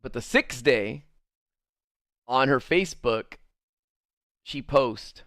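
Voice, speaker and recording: A young adult man livestreaming, telling a rambling story to his chat in a casual, animated way full of "like" fillers. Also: mid-range voice, takes it slowly, pauses often, dry recording, studio quality.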